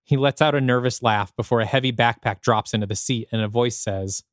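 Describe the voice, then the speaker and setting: A man reading a screenplay aloud in a medium-pitched voice, telling the action with dramatic flair in the present tense. The recording is dry and close, with no room echo. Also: fairly even intonation, fast talker. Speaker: podcast host. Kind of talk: scripted narration of a screenplay.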